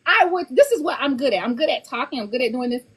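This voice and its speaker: A woman author talking casually on a podcast, animated and laughing often, repeating words as she gets going. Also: high voice, quick pace, husky. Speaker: author guest.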